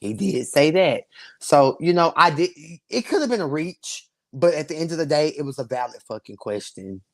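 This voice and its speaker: A man hosting a live stream, reviewing a reality show in sassy slang. He talks casually to his viewers and laughs often. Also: moderate pace. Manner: sassy, slangy and animated, swinging between loud bursts and low asides; laughs often while talking.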